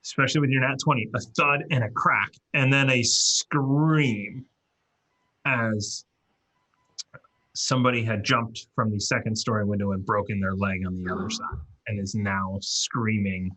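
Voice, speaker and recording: A man narrating as dungeon master, halting and filler-heavy. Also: on the low side, steady tone, sharp tone. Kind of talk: narrating a tabletop game.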